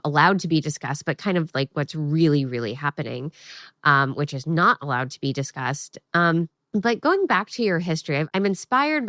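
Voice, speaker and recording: A woman hosting an interview, asking long, searching questions with many pauses and restarts. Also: sits low, a bit bright, no echo, studio quality. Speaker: podcast host.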